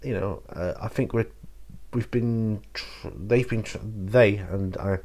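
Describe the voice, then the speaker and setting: A man's voice: on the low side, takes it slowly, darkish tone. A man hosting his channel, chatting to camera and answering viewer questions in a rambling, hesitant way. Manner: rambling and hesitant, with many fillers and restarts. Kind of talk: casual solo chat to camera.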